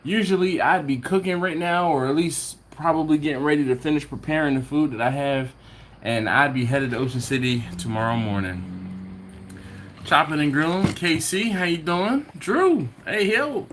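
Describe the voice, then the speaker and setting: A man's voice: a little high, normal speed, a little hiss or hum. Laid-back man hosting a live chat. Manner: relaxed, greets viewers by name, chuckles often. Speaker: barbecue livestream host. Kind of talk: casual live-stream chat reading viewer comments. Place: home.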